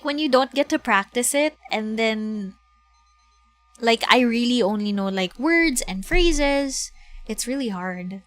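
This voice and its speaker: A woman's voice: a little high, fairly bright tone, dry recording. A young Filipino woman with a Filipino accent, chatting casually and giggling while streaming a video game. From Philippines. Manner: chatty, giggly, switches between English and Tagalog. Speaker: VTuber streamer. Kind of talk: casual game stream chat, reading game text aloud.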